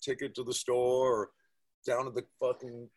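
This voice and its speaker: A man with a husky, slightly rough voice, swearing freely in a relaxed podcast chat. His voice sits in a middling pitch, and his storytelling is animated. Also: normal speed. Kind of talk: casual podcast conversation.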